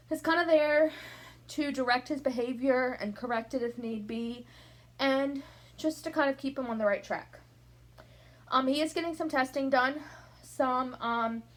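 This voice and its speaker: A young woman chatting to camera from her room at night, a little out of breath, rambling from topic to topic. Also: fairly high pitch. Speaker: vlogger. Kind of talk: casual chat to camera. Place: bedroom at home, at night.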